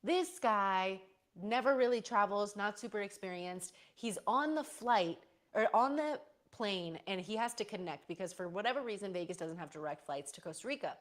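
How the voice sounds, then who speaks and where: A woman's voice: mid-range voice, expressive, normal speed. A young woman chatting casually on a live stream, rambling through stories and answering chat with playful slang.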